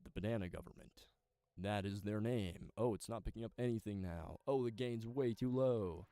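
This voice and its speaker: A man's voice: fairly low pitch, moderate pace, warm tone, no echo. A young man streaming voice-acting practice, chatting casually with joking, profane, self-deprecating asides into a close desk mic. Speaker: voice actor streamer. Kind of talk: casual livestream chat.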